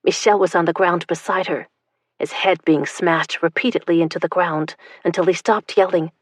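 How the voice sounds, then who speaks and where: Husky-voiced woman narrating an audiobook. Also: on the low side, fairly even intonation, moderate pace, no room sound.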